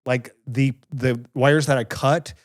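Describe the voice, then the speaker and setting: A man hosting a family podcast from a home studio. He tells everyday stories with animation and pokes fun at himself. His voice sits at a middle pitch. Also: slow pace. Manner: storytelling, animated and self-mocking. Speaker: podcast host. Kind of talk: casual family podcast chat.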